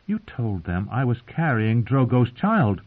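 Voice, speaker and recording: A man reading aloud, voicing a proud, wounded young queen who asks sharp, accusing questions, heard through narrow phone-like sound. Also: mid-range voice, big pitch swings, unhurried. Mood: interrogating.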